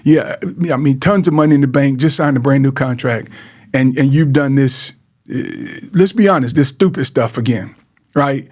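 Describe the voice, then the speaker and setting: Man, middle-aged, from Georgia, heartfelt testimony, repeats himself, mid pitch. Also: moderate pace. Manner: earnest, repeats words, addresses listeners as man and guys. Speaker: host sharing personal story. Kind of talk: emotional personal testimony.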